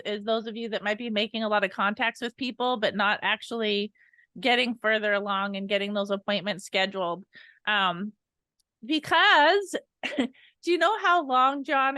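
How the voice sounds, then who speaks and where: A young adult woman co-hosting a sales podcast, upbeat and energetic, laughing often as she coaches. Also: fairly high pitch, no echo.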